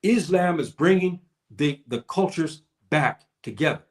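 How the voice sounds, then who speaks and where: A man's voice: fairly high pitch, animated, unhurried. A man with an African American accent giving a spoken lecture to online viewers, preacherly and repeating his points. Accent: African American English. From United States. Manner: preacherly, repeats "brothers and sisters" and "okay".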